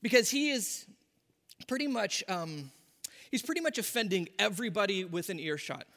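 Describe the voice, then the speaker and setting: Male pastor with a high, bright voice, preaching with animated storytelling in a large reverberant hall. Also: normal speed. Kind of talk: sermon.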